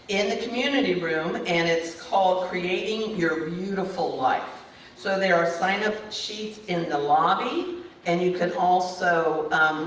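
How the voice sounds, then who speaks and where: A woman with a lowish voice delivers cheerful, casual church announcements in a meeting hall, upbeat and enthusiastic, speaking as a practitioner. The hall is echoey, the mic sits at a distance, and there's slight background noise.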